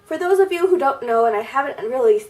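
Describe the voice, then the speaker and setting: A woman's voice: high voice, expressive, quick pace, a little mellow, far from the mic. A woman in her thirties chatting casually in a get-ready-with-me video, her voice a little nasal and stuffy from a cold, rambling with fillers and restarts. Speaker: beauty vlogger.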